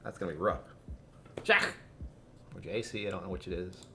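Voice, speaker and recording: A man's voice: low voice, steady tone, fast, a little hiss or hum. A man tasting whisky on a live stream, rambling casually, joking at his own expense and chatting with viewers as he reads out their comments. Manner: rambling, self-deprecating, jumps between topics.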